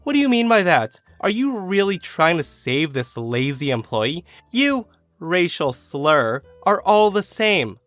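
A man voicing an entitled woman tourist who yells in shrill, indignant outbursts. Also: very animated, moderate pace, no room sound, soft background music. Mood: indignant shrieking. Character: shrieking entitled woman tourist, middle-aged.

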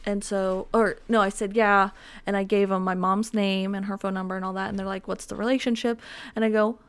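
A woman's voice: medium pitch, level tone, brisk, clean tone. A young woman hosting a podcast from home, chatting casually in a rambling, filler-heavy, self-mocking way. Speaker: podcast host. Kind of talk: casual solo chat. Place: home with dogs around.

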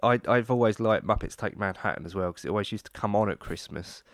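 Host guy, lowish voice, laid back, asks questions, dry close sound. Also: quick pace, no room sound. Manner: relaxed, self-deprecating, asks questions. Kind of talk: casual chat.

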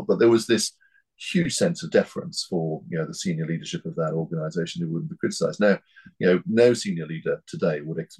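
A man in his fifties from North East England, speaking as an interview guest in a measured, hesitant way with many fillers and restarts. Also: low-pitched, a little mellow, husky, low-quality recording. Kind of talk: reflective interview talk.

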